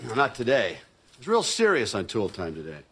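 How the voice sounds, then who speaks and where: A boastful, goofy middle-aged host of a home-improvement show, whose voice swings up and down in a lively way. He talks in a jokey, showy sitcom manner. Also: on the low side, a little fast, breathy edge, heavily acted. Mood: reflective. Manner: jokey, showy, then quiet and reflective. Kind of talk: sitcom acting.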